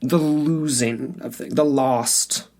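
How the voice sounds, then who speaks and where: A man's voice: medium pitch, steady tone, slow pace, darkish tone. A man co-hosting a podcast in casual chat, thinking aloud with a teasing manner and frequent restarts. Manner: teasing, restarts often, talks things through aloud. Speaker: podcast co-host.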